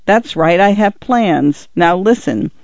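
Man doing a tender, playful dad, slightly high voice, teasing tone, dry dull recording. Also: lively intonation, takes it slowly, creaky, no echo, full character voice. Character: divorced father, gently teasing his young daughters.

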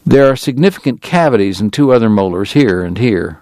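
A man's voice: lowish voice, expressive, a little fast, a little mellow, dry recording, natural voice. A man reading the part of a genteel, long-winded dentist in a Southern drawl. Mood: formal. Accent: Southern US drawl, put on. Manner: formal, long-winded, precise.

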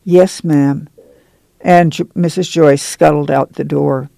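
A gravelly, dark-toned narrator reads a novel in a plain, measured way. The sound is dry and close, with a low, mellow quality. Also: fairly even intonation, no echo. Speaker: audiobook narrator. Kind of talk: scripted narration.

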